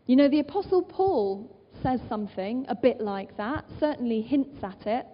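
A woman's voice: a little high, lively intonation, normal speed, few pauses, slight background noise. A woman preaching a sermon, earnest and fond of rhetorical questions, quoting scripture aloud. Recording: dull, muffled sound with long reverb of a large hall.

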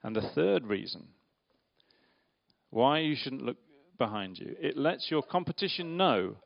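A man's voice: mid-range voice, lively intonation, measured pace, gravelly. A man giving an interactive church talk, playfully questioning the audience and directing a volunteer. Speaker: preacher giving a children's talk. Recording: dull lo-fi sound.

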